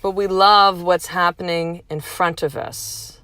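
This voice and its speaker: Woman podcast host in her thirties, lowish voice, frank and casual with salty language, dry close recording. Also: measured pace, clear, resonant tone, no echo. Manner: frank and casual, swears freely, animated emphasis. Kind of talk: candid motivational monologue.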